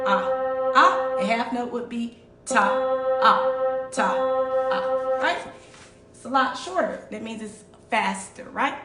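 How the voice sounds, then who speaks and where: A woman's voice: medium pitch, distant mic. A woman teaching a children's music lesson online, patient, checking in often with "all right?". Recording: echoey room, voice away from mic.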